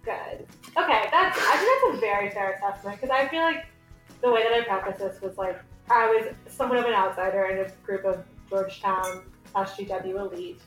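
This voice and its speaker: A woman's voice: medium pitch, a little fast, fairly bright tone, soft background music. Wry young woman host, echoey room. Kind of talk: casual chat.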